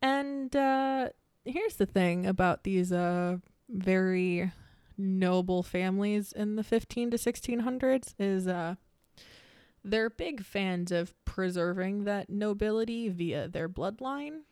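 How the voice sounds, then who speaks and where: A woman's voice: mid-range voice, slow, darkish tone, smooth, dry recording, clean studio sound. A young woman co-hosting a podcast, telling a story in a casual, rambling way with frequent laughs. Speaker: podcast co-host. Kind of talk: casual chat.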